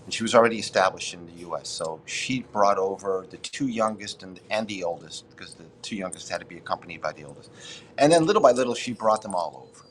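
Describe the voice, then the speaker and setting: A man's voice: low-pitched, animated, quick pace, a little hiss or hum. A man in his sixties, a podcast guest, telling a rambling story with frequent swearing and restarts. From Boston, United States. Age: 60s. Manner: rambling, profane, self-interrupting. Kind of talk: casual storytelling interview.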